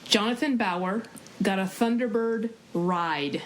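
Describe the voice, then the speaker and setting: A woman's voice: mid-range voice, slow, a little hiss or hum, poor audio. A woman co-hosting a podcast in casual chat, joking and laughing often. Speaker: podcast co-host.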